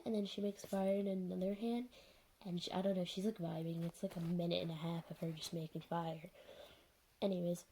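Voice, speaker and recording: A woman's voice: fairly low pitch, dark tone, a little hiss or hum, poor audio. A young woman giving a sarcastic, chatty recap and commentary on a show, full of "like" and "anyways". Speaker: video reviewer.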